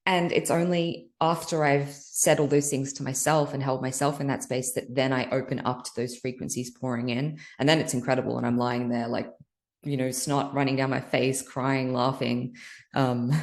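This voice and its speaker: A woman's voice: very deep voice, fairly even intonation, moderate pace, darkish tone. A woman guest on a podcast, a healer, talking candidly about emotional release in a loose, earnest, filler-heavy way. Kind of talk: candid spiritual interview talk.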